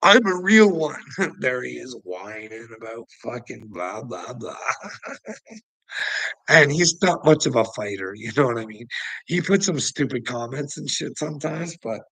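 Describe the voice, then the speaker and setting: A man's voice: medium pitch, unhurried, gravelly, sharp tone, breathy edge, no room sound, low-quality recording. A man rambling on his channel, swearing a lot, laughing through his words and taunting people by name. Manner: laughs constantly while talking, profane and mocking. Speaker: channel host. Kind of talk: rambling livestream rant.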